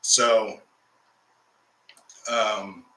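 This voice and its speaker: A man's voice: fairly low pitch, flat delivery, drawn-out words, sharp tone, reverberant, low-quality recording. A man hosting a casual talk, telling a long story to his viewers in a rambling way with restarts, getting heated as he recounts a fight. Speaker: occultist host.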